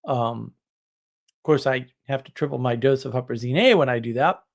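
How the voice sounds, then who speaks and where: A man's voice: mid-range voice, moderate pace, vocal fry. A man hosting a live stream, chatting casually in a rambling way and laughing at his own stories. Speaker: livestream host.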